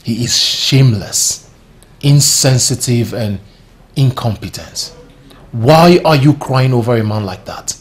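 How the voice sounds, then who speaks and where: An actor playing a stern, protective brother who scolds emphatically, with a Nigerian English accent. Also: male voice, medium pitch, lively intonation, a little slow, reverberant, lightly acted. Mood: scolding. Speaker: actor in a film.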